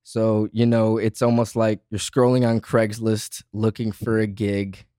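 A man's voice: fairly low pitch, level tone, unhurried, dark tone, no room sound, clean studio sound. A young man hosting a podcast, chatting casually and animatedly with a friend, laughing often and using lots of fillers. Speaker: podcast host. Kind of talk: casual chat.

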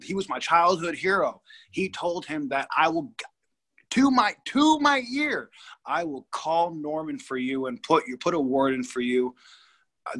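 Bright-voiced man telling a rambling story. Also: medium pitch. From California. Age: 30s. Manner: rambling, emphatic, with frequent restarts. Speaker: guest. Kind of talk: storytelling in a podcast interview.

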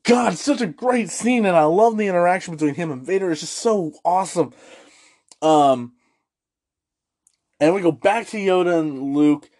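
A man hosting a casual movie review, excitable and gushing, swearing freely and restarting his sentences. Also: sits high, moderate pace, long pauses.

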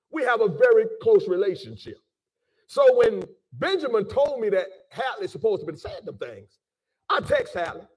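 A man preaching to his listeners with fervor. He repeats words and rises into shouts. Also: high voice, breathy edge, far from the mic. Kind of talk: impassioned preaching address.

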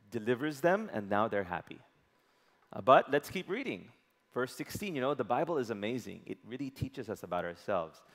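A man preaching a sermon, often asking the congregation questions and waiting for answers. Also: mid-range voice. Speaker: pastor. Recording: long hall reverb.

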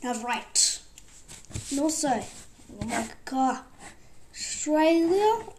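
A woman's voice: on the high side, a little slow, slight background noise. A woman hosting a podcast, talking in a loose, rambling way with many fillers. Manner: rambling, full of fillers like "like" and "actually". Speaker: podcast host. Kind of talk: rambling casual talk.

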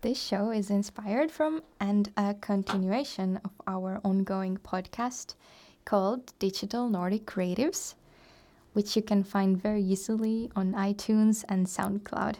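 A woman's voice: medium pitch, measured pace, warm tone. A woman co-hosting a radio show, explaining topics in a friendly, chatty way with small laughs. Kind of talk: casual radio chat.

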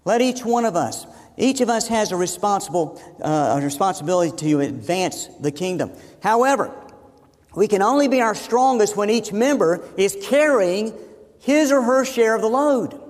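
A pastor delivers a sermon in a voice that sits high for a man, pressing each point by repeating it. His words ring out in a church sanctuary with a long reverb trailing behind them. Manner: emphatic, repeats phrases for emphasis.

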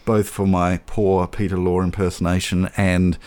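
A man's voice: sits low, level tone, normal speed, a little mellow, clean tone. A man co-hosting a podcast, chatting casually about films and often repeating words as he talks. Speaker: podcast co-host. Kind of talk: casual film chat.

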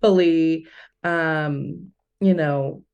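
A woman's voice: low voice, steady tone, drawn-out words, creaky, a little mellow, smooth, dull audio. A woman co-hosting a podcast, telling candid, rambling stories in casual chat. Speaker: podcast co-host.

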